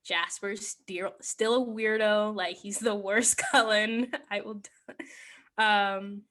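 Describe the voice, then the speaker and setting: A podcast host with a bright, clear-edged voice sits somewhere in the middle of the female pitch range. She runs through a movie plot in a loose, chatty way, giggling often and leaning on "like" as she goes. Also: steady tone, slow pace. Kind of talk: casual movie plot recap.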